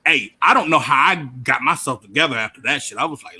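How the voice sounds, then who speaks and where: A man chatting as a podcast guest, telling animated, profane stories with lots of banter. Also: medium pitch, fast. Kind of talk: casual chat.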